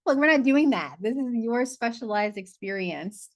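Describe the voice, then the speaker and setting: A woman's voice: fairly high pitch, lively intonation, normal speed. A woman leading a money masterclass over a video call, chatting casually, laughing, swearing and losing her train of thought. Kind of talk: casual live online class.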